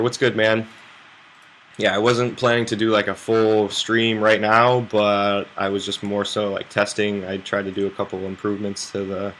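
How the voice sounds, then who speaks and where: Young male streamer, lowish voice with a bright bite, loose rambling chat. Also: a little hiss or hum. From United States. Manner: rambling, loose and chatty, swears freely. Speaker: poker streamer. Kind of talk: casual live-stream chat to viewers.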